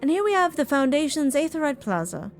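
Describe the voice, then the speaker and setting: A woman's voice: high-pitched, very animated, a little fast, pitched above the performer's own voice. A woman voicing a courteous, formal city guide who describes the sights in stately, old-fashioned phrasing, with faint game music behind her. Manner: stately, courteous narration of a tour.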